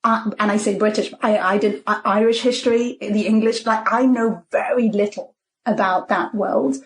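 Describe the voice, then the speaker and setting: A woman from Belgium co-hosts a podcast, talking quickly and eagerly in a mid-range voice. She asks questions and jumps between thoughts in relaxed conversation. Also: mid-range voice. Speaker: podcast co-host. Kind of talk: casual conversation.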